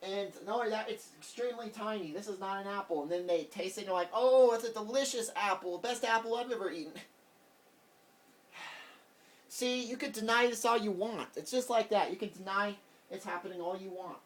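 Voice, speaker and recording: A man's voice: sits high, a little fast, a bit bright. Rambling man ranting, distant mic. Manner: rambling, heated, repeats himself. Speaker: vlogger. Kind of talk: casual political rant to camera.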